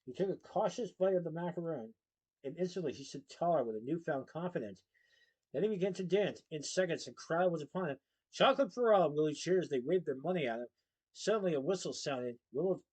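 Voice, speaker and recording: A man with a somewhat high voice reads a children's novel aloud. He keeps a steady, lively storytelling pace. His delivery sounds like a bedtime chapter reading. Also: breathy edge, rough recording.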